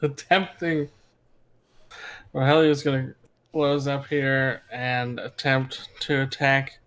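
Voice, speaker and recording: A man's voice: mid-range voice, level tone, slow, fairly bright tone, a little hiss or hum, poor audio. A man playing in a tabletop game, upbeat and coaxing his dice as he describes his attacks. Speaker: player. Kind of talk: casual tabletop play.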